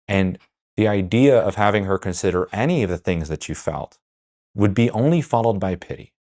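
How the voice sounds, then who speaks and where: A man's voice: on the low side, animated, moderate pace, darkish tone. A man hosting a podcast, talking candidly with guests, blunt and swearing freely. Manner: blunt, swears freely, acts out quoted dialogue. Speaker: podcast host.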